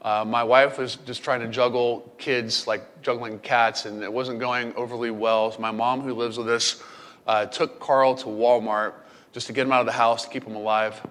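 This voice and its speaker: A middle-aged man preaching a sermon as pastor, telling a family story in a playful, animated way. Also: mid-range voice, normal speed. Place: camp meeting hall. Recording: long hall reverb.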